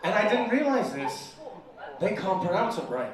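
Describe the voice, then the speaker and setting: A man's voice: high voice, big pitch swings, normal speed, a crowd in the background. A young man from the United Kingdom performing a crude, self-mocking stand-up comedy set in a bar, often laughing through his punchlines. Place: comedy bar with a live audience. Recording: echoey room, mic heard from a distance. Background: room ambience and audience noise.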